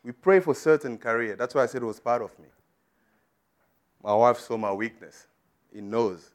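A man's voice: mid-range voice, normal speed. Emphatic man preaching a sermon. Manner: emphatic, rising to loud declarations.

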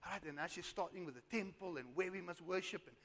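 A high-pitched man preaches with emphatic asides and quick questions to his listeners. His voice sounds strained and worn. A long reverb hangs behind him, as in a large hall. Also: fairly bright tone. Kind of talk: sermon.

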